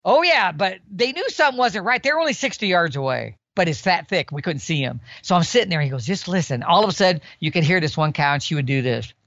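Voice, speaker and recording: A man in his sixties, a guest on a podcast, telling an animated story about the outdoors, sometimes imitating animal calls. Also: sits high, fast, few pauses, dull audio. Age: 60s. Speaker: guest elk hunter.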